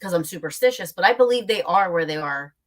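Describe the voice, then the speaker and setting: A woman's voice: fairly low pitch, animated, fast. A woman hosting an interview, chatting casually with many fillers and restarts. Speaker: podcast host.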